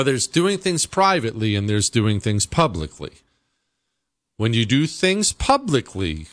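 A man's voice: mid-range voice, a bit bright, no echo, clean studio sound. A man hosting a talk show, giving an emphatic, conversational political commentary monologue.

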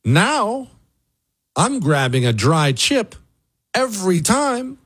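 Radio host guy on a comedic rant, super animated, swoops high and low, kinda exasperated. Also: slow, breathy edge. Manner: animated, exasperated, mock-outraged, swinging pitch. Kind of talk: comic rant on talk radio.

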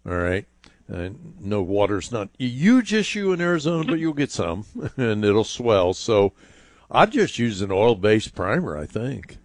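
A man with a low, fairly deep voice answers a caller's home repair question on a talk show. He thinks aloud as he goes, with plenty of fillers and stop-start phrasing. The sound is close and dry, with almost no room behind it. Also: big pitch swings, a little slow, dry recording. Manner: hesitant, thinking aloud, with many fillers and restarts. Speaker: home improvement radio show host. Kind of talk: call-in advice talk.

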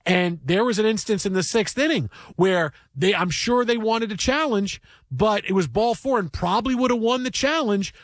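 High-voiced man hosting sports radio. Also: normal speed, no room sound, clean studio sound. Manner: animated rambling storyteller. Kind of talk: casual sports talk.

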